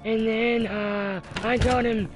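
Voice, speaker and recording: High-voiced excitable gamer man. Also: slow pace, over music. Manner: excitable, laughs often, many uh fillers. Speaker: gaming streamer. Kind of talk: live game commentary with teammates.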